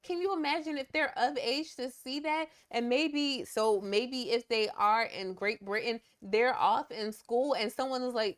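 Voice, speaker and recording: A woman's voice: moderate pace, few pauses. Emphatic indignant woman co-host. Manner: emphatic, indignant, rising pitch when outraged. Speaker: podcast co-host. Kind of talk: casual opinion chat.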